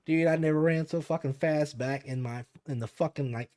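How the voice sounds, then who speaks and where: A man's voice: a little high, a little fast, darkish tone. A young man on a podcast, telling a spooky story casually with lots of fillers and swearing. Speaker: podcast co-host.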